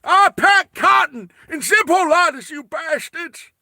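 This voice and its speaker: A cranky old American worker grumbling about his dull job, as a man puts him on. The voice jumps high and loud, and it sounds a little off-mic, in a dry space. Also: expressive, unhurried, no echo, exaggerated voice. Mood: grumpy. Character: grumpy old American male cotton packer.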